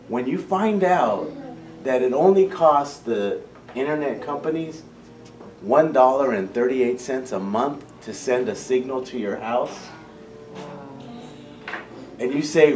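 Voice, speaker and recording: A man's voice: medium pitch, animated, measured pace, pauses often, a little mellow, soft background music. A man who founded a community program, speaking passionately to parents, often restarting his phrases. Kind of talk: impassioned public talk. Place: school meeting room. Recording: echoey room, distant mic, faint hum.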